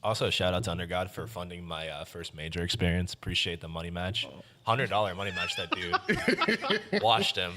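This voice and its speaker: A man's voice: low voice, expressive, a little fast, sharp tone, a little hiss or hum. A man chatting casually on a gamer podcast, often laughing as he tells stories.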